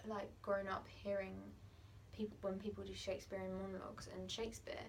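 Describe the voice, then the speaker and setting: A woman's voice: medium pitch, level tone, fairly quick, creaky, far from the mic, slight background noise, low-quality recording. A young woman in a casual drama class discussion, leading with questions. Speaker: drama student.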